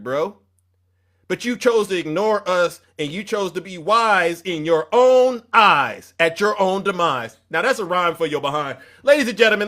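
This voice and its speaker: A man hosting a reaction show, mocking and lecturing the person in a clip. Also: high voice. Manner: mocking, preachy, animated. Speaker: show host.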